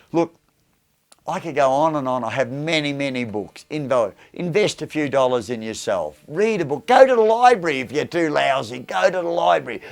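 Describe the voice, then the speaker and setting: A middle-aged Australian man talks with easy, rambling enthusiasm, circling back to the same points again and again. His voice has a gravelly, creaky edge at a mid pitch. It sounds like a casual motivational chat. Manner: enthusiastic, repetitive, rambling storyteller. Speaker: motivational speaker.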